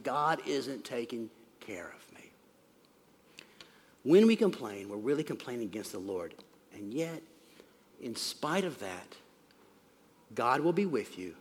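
A man preaching a sermon as pastor, animated, swinging from loud emphasis to hushed asides. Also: a little high. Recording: long hall reverb.

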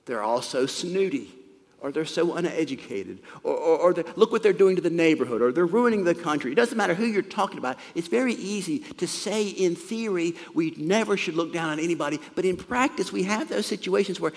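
A man delivers a sermon with lively, emphatic preaching that rises high on key lines and drops soft on reflective ones. His voice sits a little high for a man. The sound carries the long reverb of a large hall. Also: creaky. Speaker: pastor.

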